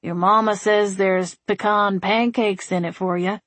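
A woman voicing a wry, patient man with a dry, steady, gently teasing manner. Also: mid-range voice, a little slow, no room sound.

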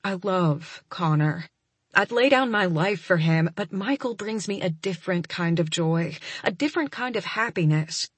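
A young adult woman narrating a first-person romance audiobook, soft and emotional, often close to a whisper. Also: fairly low pitch, lively intonation, moderate pace, slightly rough, dry recording.

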